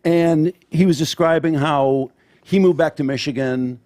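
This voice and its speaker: A man appearing as a guest on a podcast, talking in casual chat about writing comedy, measured and reflective with frequent ums. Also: on the high side, darkish tone.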